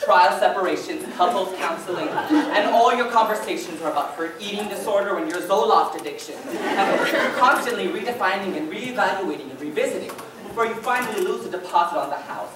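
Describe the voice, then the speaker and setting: A woman's voice: medium pitch, lively intonation, brisk, few pauses, lightly acted. A young woman on a school stage playing a wistful male musical fan who rambles in confiding asides to the audience. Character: wistful middle-aged male theatre fan narrating. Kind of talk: high school musical theatre. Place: school stage in a large hall. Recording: echoey auditorium taped from far off. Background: audience laughter and hiss.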